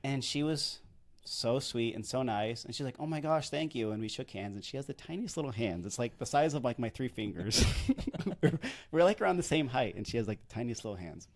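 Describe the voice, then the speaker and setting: Speaking briskly in a mid-range voice with lively intonation, a thirty-something podcast co-host tells a story. He also works as a wedding videographer. His telling is chatty, rambling and self-deprecating, heavy on the word "like."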